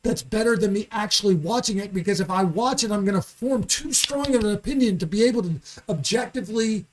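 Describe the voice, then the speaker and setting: A man's voice: high voice, a little fast, a little hiss or hum. A man talking as a comedian guest in a podcast studio, heated and emphatic, swearing freely. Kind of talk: podcast conversation.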